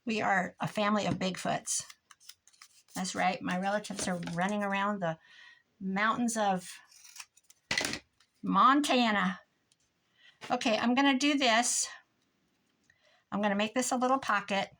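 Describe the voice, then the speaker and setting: A woman's voice: medium pitch, fairly even intonation, unhurried, pauses often, a bit bright. Older lady crafting n chatting, rambly and a bit cranky. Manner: chatty, rambling, mock-grumpy. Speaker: crafting vlogger. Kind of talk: casual chat while crafting.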